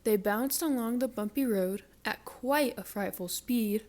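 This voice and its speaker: A woman reading a children's picture book aloud, with slow, careful storytelling. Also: on the high side, a little mellow. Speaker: storybook reader.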